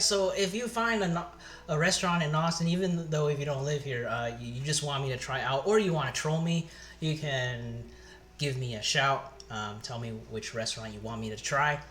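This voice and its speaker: A man casually chatting on his cooking live stream, thinking aloud with halting pauses as he tastes the food. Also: medium pitch, fairly bright tone.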